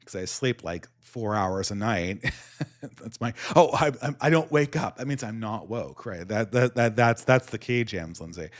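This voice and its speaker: A man's voice: on the low side, animated, a little slow. A man with a Californian accent and a slight lisp, telling rambling stories with many restarts as a podcast host. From United States. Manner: rambling storytelling with many restarts and frequent laughs. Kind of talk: casual chat.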